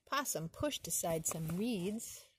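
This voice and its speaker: A woman, a preschool teacher, reading a children's storybook outdoors in the woods. She reads in a gentle, clear and expressive way. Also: lowish voice, takes it slowly, a little hiss or hum.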